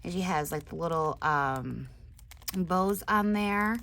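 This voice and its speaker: A woman's voice: lowish voice, slow pace. Gushing woman crafter showing off gifts. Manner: gushing, with frequent excited exclamations and soft whispered asides. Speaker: crafting channel host. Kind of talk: casual unboxing chat.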